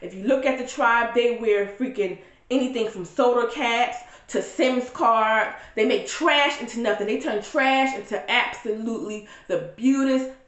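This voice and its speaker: Woman, casual vlog, blunt, profane, slightly high voice, echoey room. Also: normal speed, a bit bright. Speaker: vlogger reviewing a reality show.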